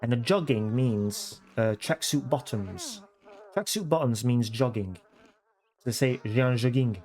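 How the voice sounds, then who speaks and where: A man's voice: medium pitch, animated, measured pace, darkish tone. A man chatting casually with livestream viewers from his home computer room, repeating phrases and correcting himself as he goes.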